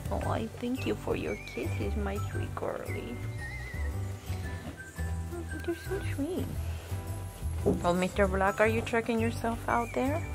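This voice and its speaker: A woman's voice: fairly high pitch, poor audio. A woman homesteader, middle-aged, in a goat pen, talking to her baby goats in cooing, affectionate baby talk. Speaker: homesteader vlogger.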